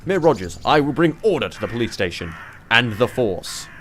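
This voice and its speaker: A man's voice: medium pitch, big pitch swings, moderate pace, fairly bright tone, slight background noise. A man giving let's play commentary, thinking aloud in a rambling way and swearing casually. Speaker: gamer playing a police management game.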